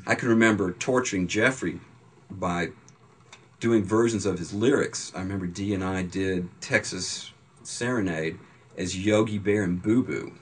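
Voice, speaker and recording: A man's voice: low voice, moderate pace, slight background noise. A man recalling wild days in a dry, matter-of-fact and wry way in an interview. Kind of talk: reflective interview recollection.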